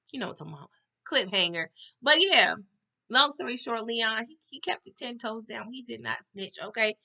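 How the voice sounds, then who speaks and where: Animated, slangy woman recapping TV. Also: a little high, dull audio. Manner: animated, slangy, talks straight to her viewers. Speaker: TV recap host. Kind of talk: casual recap vlog.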